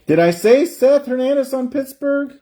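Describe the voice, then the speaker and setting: A man's voice: extremely high pitch, animated, moderate pace, dark tone. A man hosting a live card break stream, chatting casually and drawing out player names as he opens packs. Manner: chatty, rambling, drawls out player names while opening packs.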